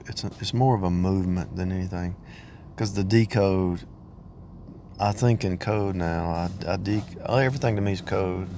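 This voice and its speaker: A man's voice: low-pitched, mellow. A married man in a rambling casual monologue about faith, restarting often and repeating phrases in a preaching cadence. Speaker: married believer speaking on faith. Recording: outdoor street and car noise.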